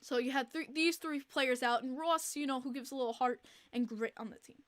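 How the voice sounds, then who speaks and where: A young woman hosting a podcast livestream, chatting casually in an animated, exasperated way and repeating herself, with many fillers. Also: high voice, brisk. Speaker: podcast host.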